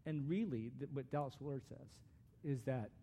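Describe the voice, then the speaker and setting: A man's voice: mid-range voice, normal speed, dark tone, slight background noise. A man giving a conversational, earnest sermon as a pastor, with frequent restarts.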